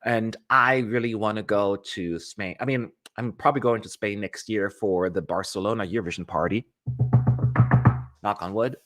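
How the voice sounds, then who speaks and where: A man hosting a casual livestream for a fan channel, chatting in a rambling way and jumping into sudden high notes. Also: normal speed, soft background music. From California. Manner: chatty, rambling, animated with sudden pitch jumps.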